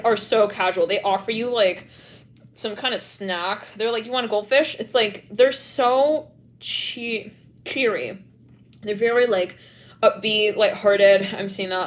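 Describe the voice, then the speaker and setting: A woman's voice: medium pitch, noisy background. A young adult woman doing a live-streamed tarot reading, rambling with lots of "like" and acting out little scenes with giggles. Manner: animated, acts out scenes, giggles often; heavy filler "like", rambling. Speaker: tarot reader.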